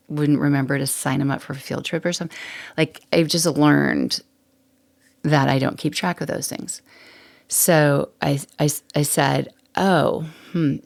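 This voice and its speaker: Low, gravelly-voiced chatty woman host. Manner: chatty and candid, laughs often, rambling asides. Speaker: podcast host. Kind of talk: casual solo podcast monologue.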